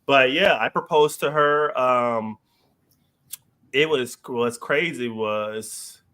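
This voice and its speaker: A man's voice: mid-range voice, slow pace, sharp tone. A man guesting on a podcast, telling a personal story in a loose, slangy way with lots of "like" and "you know" and laughter mixed in.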